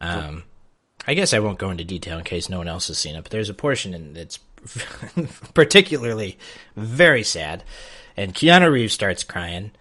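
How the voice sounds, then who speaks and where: Animated man telling stories. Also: sits low, moderate pace. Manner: animated, self-deprecating storyteller. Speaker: podcast co-host. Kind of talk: casual podcast discussion.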